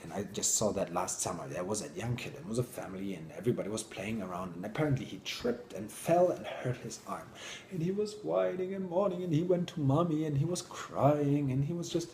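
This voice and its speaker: A man giving an informal motivational talk in an animated way, sometimes dropping to a whisper. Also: fairly low pitch, slight background noise. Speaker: speaker. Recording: roomy echo.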